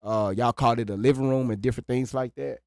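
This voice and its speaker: A man's voice: medium pitch, steady tone, fast talker, darkish tone, no room sound, clean studio sound. A man, hosting a casual livestream, rambling, swearing freely and breaking into laughter. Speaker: livestream host.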